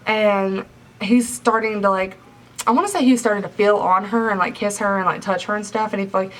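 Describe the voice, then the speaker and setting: A young adult woman recaps a novel for her book review vlog, chatty and packed with "like" fillers. Her mid-range voice is brisk and fairly bright, recorded on a slightly distant mic with faint hiss.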